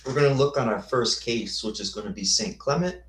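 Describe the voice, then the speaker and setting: A man's voice: medium pitch, brisk, fairly bright tone. Guy giving a chatty lecture, asks lots of questions, kinda echoey room. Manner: thinking aloud, with restarts and rhetorical questions. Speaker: host. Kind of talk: casual lecture with slides, answering chat comments.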